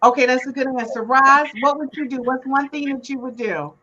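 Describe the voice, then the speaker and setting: A woman hosting a casual podcast game, briskly moving her guests along. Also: high-pitched, sharp tone, lo-fi sound. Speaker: podcast host. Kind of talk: casual chat, game host.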